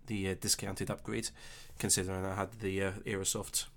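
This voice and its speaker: Easygoing Scottish man streaming, low voice. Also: level tone, vocal fry, a bit bright. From Scotland. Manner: chatty and easygoing, thinking aloud with filler pauses. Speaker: live-stream host. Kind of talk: casual live-stream chat, reading out viewer comments.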